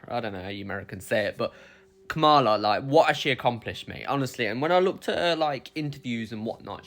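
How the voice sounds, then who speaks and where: A man's voice: mid-range voice, pushed and bright. A man from the UK with a British accent, ranting bluntly to camera in a casual vlog, swearing and calling the viewer "mate.". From United Kingdom. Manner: blunt and profane, says "mate" constantly. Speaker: vlogger. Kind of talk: casual opinion rant to camera.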